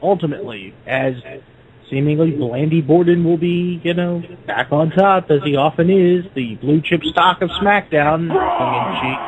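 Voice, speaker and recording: Male panelist, dry humor, high voice, noisy crowd behind. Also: normal speed, phone-quality sound. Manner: wry, tongue-in-cheek. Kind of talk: casual wrestling chat.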